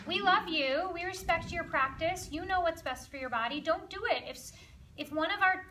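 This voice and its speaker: A woman leading an ayurveda workshop, guiding slow breathing softly, then chatting in a lively, laughing way with her group. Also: sits high, slight background noise. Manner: soft and slow during breathing guidance. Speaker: yoga and ayurveda workshop leader. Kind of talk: guided breathing instruction. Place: workshop room with participants.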